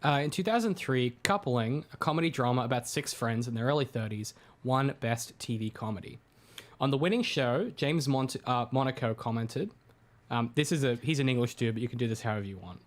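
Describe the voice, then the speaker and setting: A man reading a critical analysis aloud in a steady voice, breaking off now and then for relaxed, chatty asides with plenty of "uh"s. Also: mid-range voice, normal speed. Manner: reads steadily, drops into chatty asides with filler "uh"s. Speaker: co-host reading his own book aloud. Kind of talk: casual read-through with asides.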